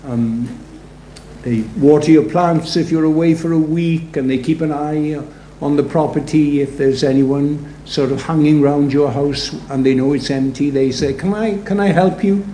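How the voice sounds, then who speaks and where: A man's voice: on the high side, steady tone, unhurried, dark tone. Guy preaching, chatty storytelling sermon, echoey room w faint noise behind. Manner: conversational, storytelling preaching with rhetorical asides. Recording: roomy echo, faint background noise.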